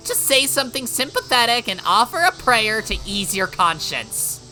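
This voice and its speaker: A woman voicing a sharp-tongued teenage girl who mocks and scolds her twin, reading a visual novel aloud with faint music behind. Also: mid-range voice, big pitch swings, moderate pace, low-quality recording. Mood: mocking. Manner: cutting, mocking, bitter.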